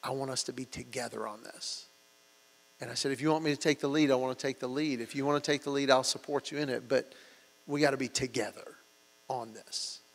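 In a hall with reverb and a mains hum, a pastor delivers a sermon a little fast, his medium-pitched voice creaky. He tells stories and animatedly acts out the quotes.

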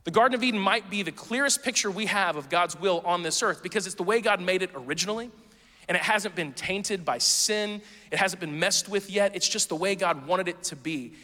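Bright-voiced preacher man in a reverberant hall. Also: sits high. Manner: conversational and playful, with quick asides to the congregation. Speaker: pastor. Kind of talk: sermon.

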